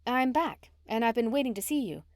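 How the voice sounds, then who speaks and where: A woman's voice: animated, fairly quick, no room sound, studio quality, lightly acted. A woman voicing a pushy, plump middle-aged female customer with a Southern accent who berates her husband. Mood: eager. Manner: bossy, berating, shrill demands.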